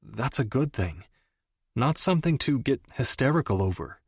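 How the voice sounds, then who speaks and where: A man's voice: mid-range voice, big pitch swings, normal speed, a bit bright, husky, no room sound, studio quality, full character voice. A man voicing a wealthy man in an audiobook, blunt and exasperated, given to swearing. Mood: tender. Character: wealthy man, frustrated then tender lover. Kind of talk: audiobook dialogue.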